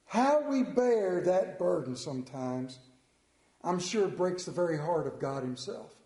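Emphatic preacher with a high voice. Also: male voice, lively intonation, a little slow, dark tone. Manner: emphatic, storytelling, repeats words for effect. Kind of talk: sermon. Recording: echoey room.

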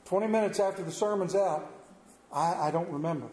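A middle-aged pastor delivers a storytelling sermon fairly quickly, his high voice ringing through a roomy sanctuary. His folksy, self-deprecating tales come with animated swings in delivery.

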